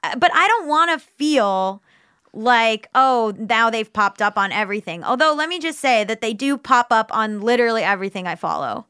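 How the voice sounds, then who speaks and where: A woman co-hosting a podcast in casual chat, animated and often laughing, on a studio microphone. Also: on the high side, moderate pace, smooth, no echo. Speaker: podcast co-host.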